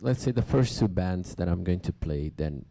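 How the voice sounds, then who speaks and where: A man hosting a music radio and podcast show, chatting casually between tracks in a halting way, with plenty of fillers and restarts. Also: low voice, lively intonation, creaky, dark tone. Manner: halting, loose talk with many fillers and restarts.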